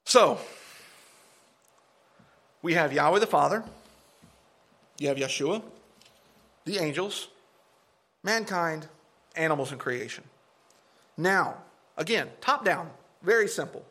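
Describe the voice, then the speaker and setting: A man delivers an animated, emphatic sermon to a gathered congregation. His voice sits a little above the usual male pitch and rises sharply when he makes his points. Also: takes it slowly, long pauses. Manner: animated, emphatic, mocking impressions of opponents. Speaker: preacher.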